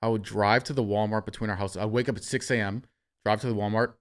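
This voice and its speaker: A young man hosting a podcast, telling a story in a casual, animated way, swearing freely and acting out what people said. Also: lowish voice, fast talker. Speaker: podcast host.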